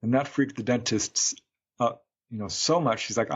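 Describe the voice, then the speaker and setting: A man's voice: medium pitch, moderate pace, slightly rough, lo-fi sound. A man, a UFO researcher, recounting a case as a guest in a podcast interview, a chatty storyteller who acts out quotes.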